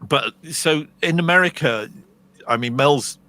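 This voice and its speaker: A man's voice: fairly high pitch, unhurried, sharp tone. An English man co-hosting a podcast, telling long rambling stories in casual chat. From England. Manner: chatty, rambling storyteller. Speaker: podcast co-host.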